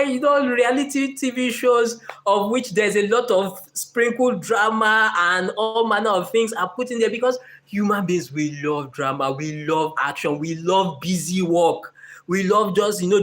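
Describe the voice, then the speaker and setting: A man giving a motivational talk in a live session, earnest and animated, with playful asides. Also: a little high. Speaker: motivational speaker.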